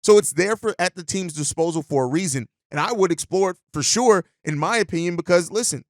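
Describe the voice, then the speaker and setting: A man's voice: high voice, brisk, no echo, studio quality. A man hosting a sports podcast who gives persuasive, conversational commentary. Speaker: podcast host.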